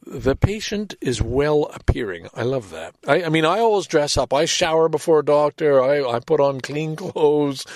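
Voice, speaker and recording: Older male solo podcaster, seventies, gravelly mid-pitched voice, rambling and self-deprecating. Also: no room sound. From Canada. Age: 70s. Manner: rambling, self-deprecating, reads aloud and comments with chuckles. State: walks with a walker. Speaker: podcast host. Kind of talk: casual solo monologue.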